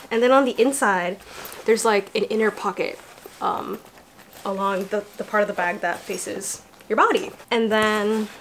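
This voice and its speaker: A woman's voice: mid-range voice, fairly bright tone, a little hiss or hum. A young woman chatting casually to her viewers as she unpacks a parcel, bubbly and talkative. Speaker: vlogger. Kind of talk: casual unboxing vlog.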